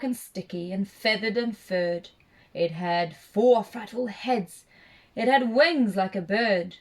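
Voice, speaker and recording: Woman narrator for a children's puppet show, slow and expressive rhyming read-aloud. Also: mid-range voice.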